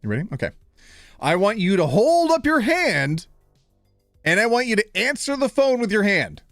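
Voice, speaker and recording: A man's voice: high-pitched, big pitch swings, normal speed, fairly bright tone, dry recording, clean studio sound, soft background music. A man in his thirties hosting a live stream, playful and self-deprecating, fumbling over names and joking with chat. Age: 30s.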